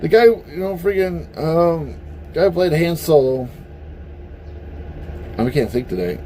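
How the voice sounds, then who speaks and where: Male vlogger, mellow voice, lively pitch, profane heated rant. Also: unhurried, slight background noise. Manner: profane and blunt; animated, heated. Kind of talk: casual opinion rant.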